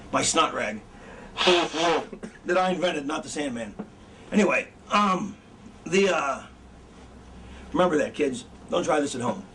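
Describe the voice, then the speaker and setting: This man's voice sits high and carries a fairly bright tone. He's a middle-aged wrestling trainer whose lessons are loose, foul-mouthed and meandering, and he frequently loses track of what he was saying. Faint background noise comes through a distant microphone.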